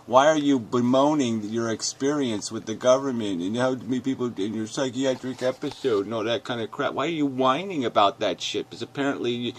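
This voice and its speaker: A man ranting angrily and profanely as he reads comments aloud, mocking them in sneering voices and swinging between shouts and mutters. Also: mid-range voice, brisk, few pauses, slight background noise. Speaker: video commentator. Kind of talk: angry rant reading comments aloud.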